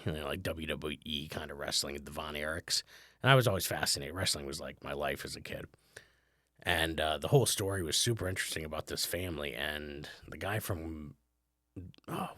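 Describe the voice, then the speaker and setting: Deep-voiced man chatting casually. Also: a bit bright, dry recording, clean studio sound. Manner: rambling, conversational, many fillers. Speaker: podcast host, comedian. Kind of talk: casual solo podcast talk.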